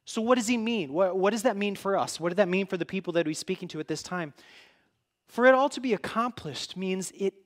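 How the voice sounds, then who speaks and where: A man's voice: high-pitched, expressive. Earnest, tired man preaching a sermon. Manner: earnest, halting with many restarts, gets emotional. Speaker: pastor.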